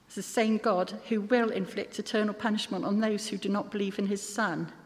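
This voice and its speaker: A woman's voice: mid-range voice, steady tone, brisk. A woman preaching a sermon in an earnest manner, with occasional self-deprecating asides. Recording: long hall reverb.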